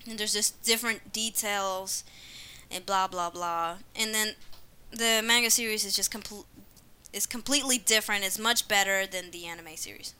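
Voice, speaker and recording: A woman's voice: mid-range voice, normal speed, sharp tone, clean tone. A young woman from New Jersey in casual chat, talking freely, repeating herself and laughing often.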